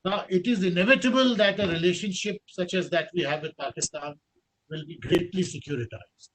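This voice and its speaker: A man with an Indian English accent giving a formal policy lecture over a video call, measured and halting, with frequent "uh" fillers. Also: sits high, fairly bright tone, low-quality recording. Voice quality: measured, with many pauses and 'uh' fillers.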